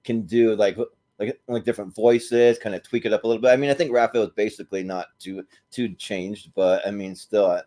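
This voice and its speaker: A man's voice: on the low side, steady tone, a little fast, dark tone. A man speaking as a panelist in a casual chat, easygoing and enthusiastic.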